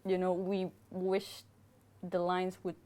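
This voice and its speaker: A woman's voice: lowish voice, monotone, takes it slowly, mellow. A woman sound designer on a livestream panel, speaking hesitantly with many fillers and restarts.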